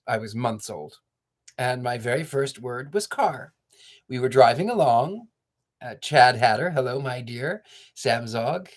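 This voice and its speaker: An older man hosting a story-reading show, reading a children's book aloud and then chatting to viewers in sentimental, rambling asides. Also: mid-range voice. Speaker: storyteller host.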